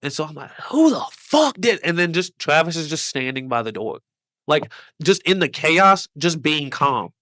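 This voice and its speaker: A man with a fairly high voice tells a story on a casual podcast. He rambles and swears, with "like" scattered through nearly every sentence. The room sounds dry and close. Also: moderate pace, pushed and bright, no echo. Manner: rambling, profane, many "like" fillers. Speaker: podcast host and comedian.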